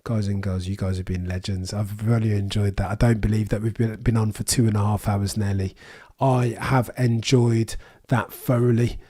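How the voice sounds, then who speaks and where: A man's voice: lowish voice, level tone, moderate pace, hardly any pauses, warm tone, breathy edge. A young man with a Birmingham accent chatting casually with viewers on a live race watchalong, reading out comments and making dry quips. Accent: Birmingham English. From England. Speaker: livestream host.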